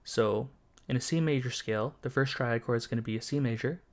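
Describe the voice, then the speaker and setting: A man teaching music production basics in a calm, methodical tutorial, explaining each step. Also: medium pitch, brisk. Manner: calm, methodical, walks through each step while playing examples.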